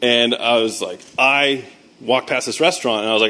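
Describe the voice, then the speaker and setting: A man in his thirties, a military veteran giving a faith talk. He tells animated, self-mocking stories, makes sound effects with his voice, and quotes scripture. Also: medium pitch, moderate pace. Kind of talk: storytelling speech with scripture.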